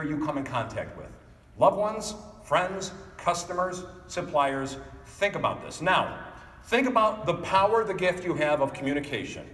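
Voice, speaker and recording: A middle-aged man giving a motivational keynote speech, animated, acting out family members in quick voices. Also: fairly high pitch. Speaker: keynote speaker. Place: large hall. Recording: echoey hall from far off.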